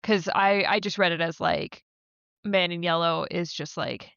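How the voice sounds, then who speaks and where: A woman's voice: lowish voice, measured pace, gravelly, fairly bright tone, clean tone, dry recording. Woman co-host, chatty and filler-heavy, dry, slightly muffled recording. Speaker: podcast co-host. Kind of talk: casual recap chat.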